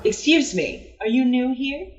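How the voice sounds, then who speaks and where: A fussy, self-important male cat health inspector, as a woman puts him on for a tabletop game, lifting into a higher voice and talking with officious, threatening menace. He lays down the rules slowly, in a roomy echo. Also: lively intonation, muffled recording.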